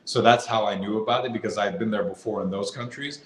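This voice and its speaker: A man's voice: lowish voice, steady tone, quick pace, echoey room, low-quality recording. A man from Boston, a podcast guest, telling stories in a chatty, casual way, filling his sentences with "like" and laughing often. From Boston, USA. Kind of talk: casual storytelling.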